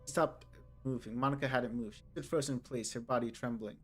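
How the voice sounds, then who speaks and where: A man playing a visual novel, reading its narration and dialogue aloud with quick asides of his own. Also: medium pitch, faint music behind. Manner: reads dialogue lines and narration plainly, with asides. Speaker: game streamer.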